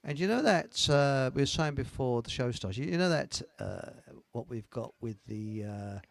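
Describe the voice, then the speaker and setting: Gravelly older man hosting. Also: medium pitch, animated, moderate pace. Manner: rambling, salty, chuckling. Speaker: host of a live online talk show. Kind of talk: casual live-stream chat and joke telling.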